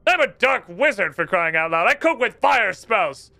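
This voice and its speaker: A man voicing a pompous, ranting male dark wizard who rages in a loud, theatrical, drawn-out way. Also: high-pitched, very animated, gravelly, dry recording, pitched above the performer's own voice, full character voice. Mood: furious.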